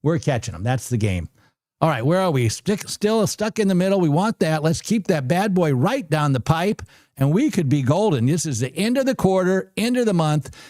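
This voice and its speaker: Excitable man hosting a live stream. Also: on the high side, normal speed, dry recording, studio quality. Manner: excitable, talks to viewers and chat; chatty, repeats numbers aloud. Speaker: livestream trading host. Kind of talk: casual live-stream commentary.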